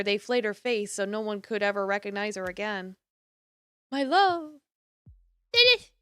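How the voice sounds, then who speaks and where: A woman streamer reading a horror visual novel aloud in a theatrical way, swinging between hushed and emphatic lines. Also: a little high, smooth, dry recording, studio quality.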